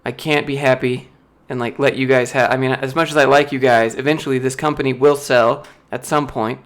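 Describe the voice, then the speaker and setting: A young man from the United States chats casually on a livestream, his mid-range voice fairly even and a little fast. The YouTuber reads chat questions and tells stories full of fillers, laughing often and imitating other people's voices.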